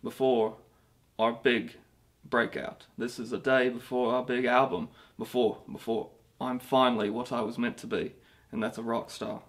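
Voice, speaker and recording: A man's voice: mid-range voice, level tone, normal speed, few pauses, close to an everyday voice. A man plays a washed-up British rock singer, vain and sorry for himself. He rambles through his mockumentary interview, restarting his sentences as he boasts. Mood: rambling.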